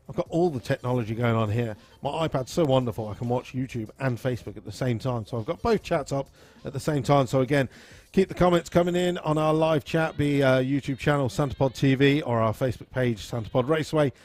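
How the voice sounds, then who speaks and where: A man, hosting a live stream in an easygoing, rambling way and reading out viewer comments and shout-outs. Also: on the high side. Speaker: live-stream host at a drag racing venue.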